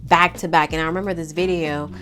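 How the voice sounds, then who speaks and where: A woman in her thirties chatting casually to her viewers, telling a personal story in an animated, talkative way. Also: low voice, quick pace. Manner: chatty, animated, addresses viewers as girl and y'all.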